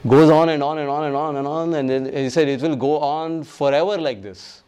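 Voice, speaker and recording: A man's voice: on the high side, steady tone, mellow, smooth. Emphatic man teaching a devotional class. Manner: emphatic, repeats phrases, acts out quoted speakers; chants verses slowly. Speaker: speaker giving a class on scripture.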